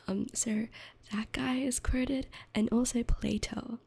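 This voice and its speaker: A woman's voice: on the high side, steady tone, slow, creaky, darkish tone, husky. A young woman streamer in a whispered ASMR chat, rambling and giggling at herself as she reads, close to the mic. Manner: giggly, rambling, self-deprecating.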